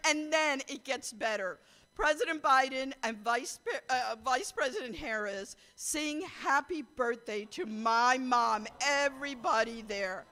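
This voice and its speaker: A middle-aged woman from India, telling a lively anecdote to an audience, laughing and acting out the quotes. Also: high voice, measured pace. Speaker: speaker at a political caucus event. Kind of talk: storytelling speech to an audience.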